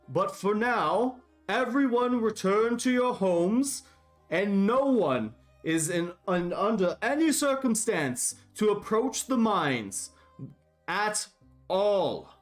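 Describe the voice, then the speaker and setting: A man doing a booming burly guard captain. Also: animated, slow, faint music behind. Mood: commanding. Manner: booming orders. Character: big burly human guard captain, commanding.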